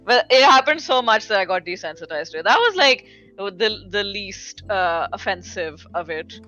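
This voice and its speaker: Bright-voiced woman with a slight accent. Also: mid-range voice, expressive, normal speed, muffled recording, soft background music. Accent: slight foreign accent. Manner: rambling, filler-heavy, frequent "like". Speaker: podcast guest, fighting game commentator. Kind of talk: casual chat.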